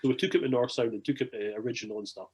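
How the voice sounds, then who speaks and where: A young Scottish man spins a long, rambling anecdote in casual chat, animated and swearing freely. His voice has a husky, slightly breathy edge at a middling pitch. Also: rapid-fire. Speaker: podcast guest. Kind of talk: casual storytelling.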